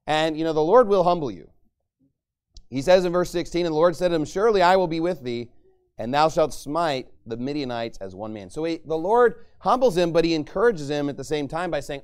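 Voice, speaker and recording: A man teaching scripture from the pulpit in a relaxed, conversational sermon. His voice sits a little high for a man and sounds smooth and resonant. When he voices the people in the passage, he lifts his pitch and volume to dramatize them. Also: a little fast. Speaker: preacher.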